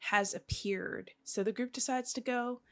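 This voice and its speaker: A woman's voice: a little high, steady tone, a little slow. A woman co-hosting a podcast, giving a chatty, rambling recap full of fillers. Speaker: podcast co-host.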